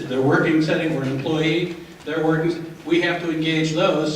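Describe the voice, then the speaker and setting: A man's voice: fairly high pitch, a little hiss or hum. A middle-aged man leading a staff training workshop, lecturing in a lawyerly way and often tagging his points with "right?". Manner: lawyerly, asks rhetorical questions and tags them with "right?". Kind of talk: lecture with questions to the audience. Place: large echoey room. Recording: echoey room recorded from far off.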